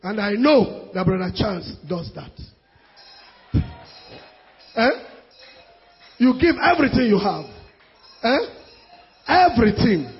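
High, raspy Nigerian preacher. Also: male voice, very animated, slow pace, pauses often, soft background music. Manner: emphatic, repetitive, bursts of shouting. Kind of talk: sermon. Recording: dull lo-fi sound.

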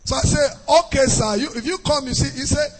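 A pastor with a very high-pitched voice talks fast in a steady tone, preaching an emphatic, sing-song sermon and repeating key phrases. The recording carries long hall reverb with faint music.

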